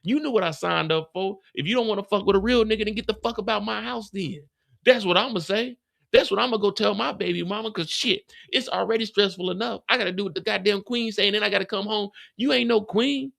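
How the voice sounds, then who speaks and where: Gravelly high-voiced man on a heated rant. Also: fast talker, fairly bright tone. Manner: profane, heated, ranting in character. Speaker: show recap host. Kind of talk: live comedic recap rant.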